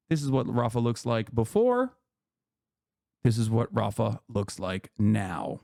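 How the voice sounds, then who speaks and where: A man's voice: mid-range voice, animated, unhurried, vocal fry, dark tone. A man hosting a live stream, giving heated, casual political commentary with frequent swearing and emphatic outbursts. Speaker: streamer host.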